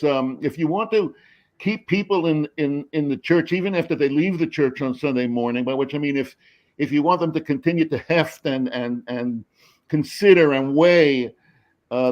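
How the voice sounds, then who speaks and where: An older man with a fairly high voice tells stories with animated energy, stumbling and restarting as he builds his point. The sound is dull and lo-fi, like a video call. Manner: expressive storyteller with many restarts, animated. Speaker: screenwriter and professor. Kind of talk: animated panel talk.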